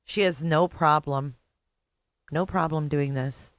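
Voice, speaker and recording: A woman's voice: sits low, slow pace, no room sound. A middle-aged woman hosting a reaction video, blunt and sarcastic, swearing freely as she comments. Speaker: YouTube host reacting to a clip.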